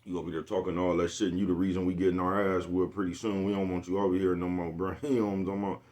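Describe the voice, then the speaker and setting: A man's voice: sits low, flat delivery, very fast, darkish tone. A young man rambling in a casual vlog monologue, laughing often and swearing heavily. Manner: laughs often, crude slang, keeps asking "you know what I'm talking about". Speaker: vlogger.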